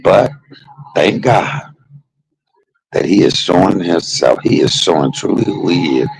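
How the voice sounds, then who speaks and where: Gravelly, low-voiced man telling stories. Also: unhurried, poor audio. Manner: animated, laughing, swings between joking and heartfelt. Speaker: streamer. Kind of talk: casual storytelling monologue.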